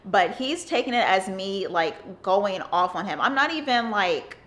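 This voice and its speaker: A woman's voice: mid-range voice, lively intonation, measured pace, a bit bright. A young woman, telling a casual storytime with lots of fillers and restarts. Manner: rambling, filler-heavy, with frequent "like". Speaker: vlogger.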